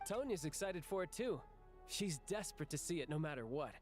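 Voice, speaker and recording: A man's voice: on the high side, animated, brisk, faint music behind, lightly acted. A man voicing an earnest young man in a game, a dutiful older brother who speaks plainly. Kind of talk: game dialogue.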